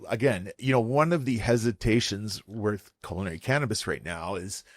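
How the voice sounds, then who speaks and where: Man, low voice, dry close sound, energetic podcast storyteller. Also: no room sound. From Vancouver, Canada. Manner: animated, fast storyteller who swears freely. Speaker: guest chef.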